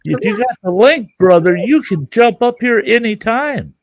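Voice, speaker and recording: A man's voice: high voice, normal speed, no echo. A man hosting a casual livestream chat, telling rambling, profane stories. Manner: rambling, profane, lively storyteller. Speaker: livestream host.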